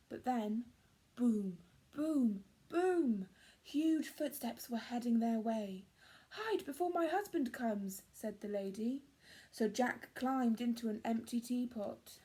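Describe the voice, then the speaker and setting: A woman teacher with an English accent, reading a picture book aloud to young children in a clear, gentle storytelling manner. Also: a little high, slow pace. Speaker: primary school teacher.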